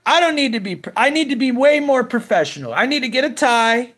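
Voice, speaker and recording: A man's voice: extremely high pitch, expressive, a little fast, a bit bright. A middle-aged man hosting a live news stream, ranting in profane slang and greeting chat viewers.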